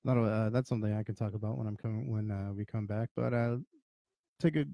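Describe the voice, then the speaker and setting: A man's voice: on the low side, fairly even intonation, quick pace, gravelly, warm tone, no echo. A slightly drunk man hosting a podcast, rambling and swearing in casual chat. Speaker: podcast host.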